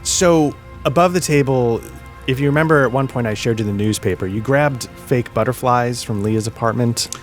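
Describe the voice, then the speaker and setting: A man's voice: medium pitch, normal speed, soft background music. A man narrating as game master, loose and laughing as he voices the characters.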